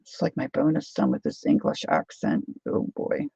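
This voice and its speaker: Chatty gravelly-voiced woman crafting live. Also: sits low, big pitch swings, moderate pace, warm tone, dry recording, dull audio. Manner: rambling, chatty, reads out viewer comments. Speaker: craft livestream host. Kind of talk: casual crafting demo, chatting with viewers.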